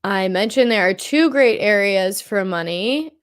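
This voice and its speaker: A chatty middle-aged woman walks through a monthly feng shui forecast over slides. She thinks aloud as she goes, circling back and repeating phrases while she searches for words, at an ordinary pitch. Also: lively intonation, measured pace, smooth.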